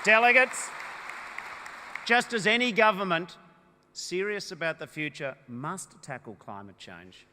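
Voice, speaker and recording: A man's voice: high-pitched, expressive, measured pace, a faint crowd, slight background noise. Australian man's ringing conference-hall speech. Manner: emphatic oratory that swells to loud, punchy declarations. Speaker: political party leader. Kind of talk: rousing political conference speech. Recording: echoey hall with long reverb.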